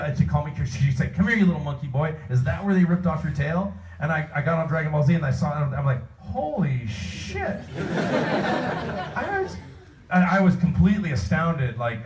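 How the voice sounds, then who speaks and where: A man, a voice actor answering fan questions at a convention panel, telling rambling, animated stories. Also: medium pitch, far from the mic. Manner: rambling, animated anecdotal storytelling. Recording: roomy hall, voice picked up from afar.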